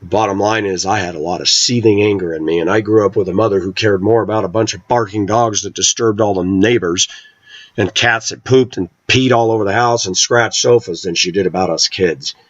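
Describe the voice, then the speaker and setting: A middle-aged man speaks in a lowish voice, pressing every point with intense, emphatic force. The recording is dull and lo-fi, close and dry with no room echo. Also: fairly quick. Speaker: vlogger. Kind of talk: opinionated monologue.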